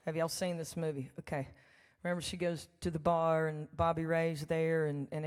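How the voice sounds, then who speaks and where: A woman, a country songwriter telling folksy, animated stories during a live church concert. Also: deep voice. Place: church sanctuary. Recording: long hall reverb with faint music.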